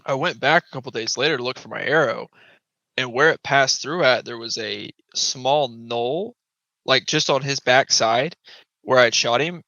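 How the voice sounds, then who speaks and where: A man's voice: medium pitch, moderate pace, no echo. A man, a guest on a podcast, telling a hunting story casually and acting out voices and sounds. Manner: animated, acts out voices and sounds. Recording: dull lo-fi podcast audio.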